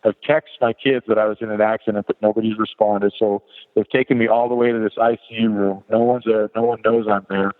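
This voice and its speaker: Middle-aged male podcast guest, low voice, candid rambling storyteller, heard on a phone-like line with long reverb. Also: flat delivery, brisk. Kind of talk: personal story told in an interview.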